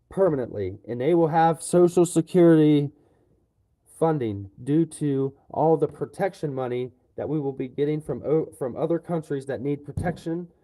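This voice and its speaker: Guy on a livestream going off, cussing a lot, low mellow voice. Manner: profane, loud ranting. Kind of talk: livestream rant.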